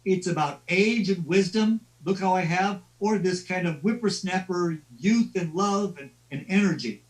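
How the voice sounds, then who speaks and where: High-voiced man lecturing from afar. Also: moderate pace, recorded from a distance, low-quality recording. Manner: conversational storytelling with stammered restarts. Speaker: lecturer on literature. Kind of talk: class lecture on a live stream.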